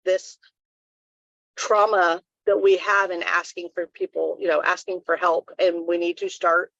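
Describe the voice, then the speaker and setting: A woman's voice: on the low side, little pitch movement, unhurried, creaky, fairly bright tone, dry recording, lo-fi sound. A woman co-hosting a live wellness talk stream, giving earnest advice in a casual, rambling way.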